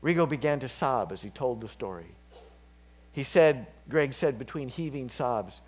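A man delivers a sermon in a relaxed, conversational way, stumbling now and then over a word. His voice drops to a near whisper and then swells to loud, pitched-up peaks. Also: normal speed. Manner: swings from hushed whispers to loud fervent peaks; conversational, with fillers and slips. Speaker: preacher.

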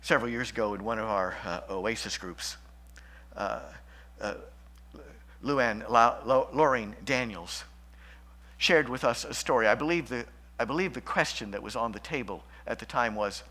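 A man preaching a sermon as pastor, shifting between loud emphatic lines and hushed, slow passages. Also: mid-range voice.

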